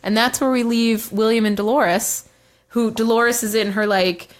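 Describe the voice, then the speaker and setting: A young adult woman chatting as a podcast co-host, animated and loose. She swears freely and talks the scene through in a casual, conversational way. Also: fairly high pitch, moderate pace. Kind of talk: casual recap chat.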